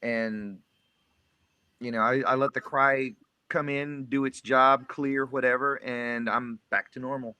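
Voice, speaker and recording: A man's voice: medium pitch, fairly even intonation, measured pace, sharp tone, clear, resonant tone, dry recording. A man in his forties with a Texas accent, talking candidly and joking in a casual group chat. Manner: candid, joking, restarts often.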